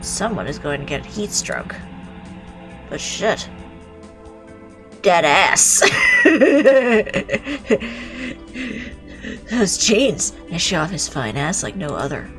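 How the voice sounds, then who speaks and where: A woman reading a visual novel aloud, reacting with animated exclamations and the odd swear word. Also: sits low, slow pace, pauses often, soft background music. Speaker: game streamer.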